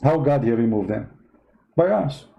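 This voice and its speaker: A man's voice: medium pitch, animated, normal speed, creaky, highs cut off. A man with non-native English giving online commentary, arguing his point with rhetorical questions. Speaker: Christian commentator.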